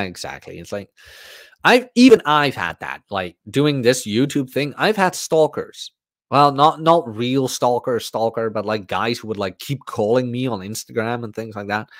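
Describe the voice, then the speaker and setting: A man's voice: lowish voice, dry recording, studio quality. A man hosting a podcast, talking in a casual, blunt and profane monologue. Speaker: podcast host.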